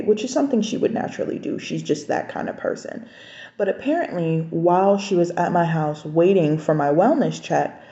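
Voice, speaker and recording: A woman's voice: low-pitched, vocal fry, mellow. A young adult woman telling a personal story in a candid, conversational vlog, acting out the lines of people in it. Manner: candid, conversational, recounting dialogue. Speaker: vlogger. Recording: echoey room, dull lo-fi sound.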